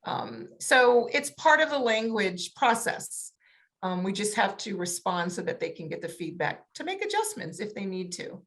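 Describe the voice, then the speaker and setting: A woman coach on a panel, explaining in a lively way and acting out examples with big changes in intonation. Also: medium pitch, moderate pace. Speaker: autism communication coach. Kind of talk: panel discussion.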